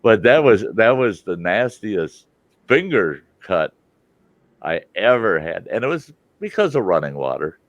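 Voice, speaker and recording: Older male host, casual storyteller, animated, acts out quotes; dry close sound. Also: fairly low pitch, unhurried, no room sound, highs cut off.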